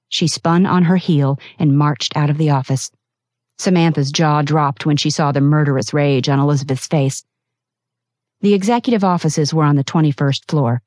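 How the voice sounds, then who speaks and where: A woman reads a novel aloud in a low, dark voice, steady and expressive. The sound is close and dry, with no room around it. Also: normal speed, dry recording. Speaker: audiobook narrator. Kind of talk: scripted narration.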